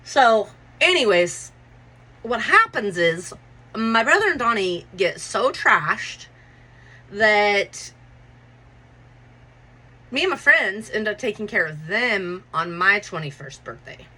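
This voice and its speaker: Bright-voiced woman telling a profane story. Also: mid-range voice, takes it slowly, long pauses, rough recording. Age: 40s. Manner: profane, animated, acts out quotes. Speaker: podcast host. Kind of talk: casual storytelling.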